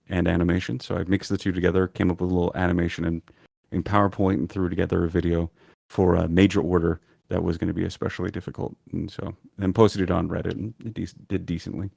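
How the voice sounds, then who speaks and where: Male guest, very deep gravelly voice, dry close sound, thoughtful and hesitant. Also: little pitch movement, brisk, a little mellow, dry recording. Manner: thoughtful, hesitant with frequent ums. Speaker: podcast guest, lore video creator. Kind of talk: casual interview chat.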